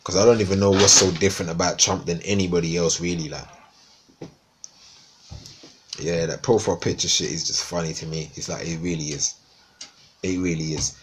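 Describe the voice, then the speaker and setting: A man's voice: low-pitched, fairly even intonation, fast talker, slight background noise. A man from East London with a Cockney accent, chatting casually and swearing a lot on a live stream. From East London, England. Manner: rambling, swearing, slangy.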